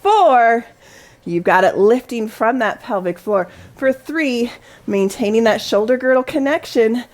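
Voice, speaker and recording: A Pilates instructor leads a class, giving cues and counting reps down encouragingly as she guides the workout. Her voice is on the high side and a little mellow, with lively intonation at a measured pace.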